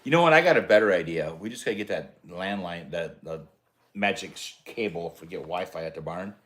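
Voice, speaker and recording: Deep-voiced easygoing man. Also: expressive, brisk, a bit bright. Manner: easygoing, joking, affirming. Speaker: co-host. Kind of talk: casual live talk.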